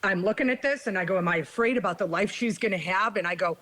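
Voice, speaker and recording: A fast-talking woman with a mid-range, fairly bright voice appears as a guest on a recovery podcast, sharing a personal story with candor and emotion. She often reaches out to listeners with "right?" and "you guys," and the recording is rough.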